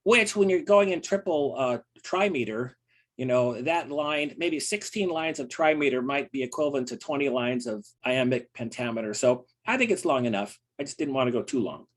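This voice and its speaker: A man in his sixties from the United States, a poet talking earnestly and haltingly about his poem. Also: medium pitch. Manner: earnest, halting, many fillers.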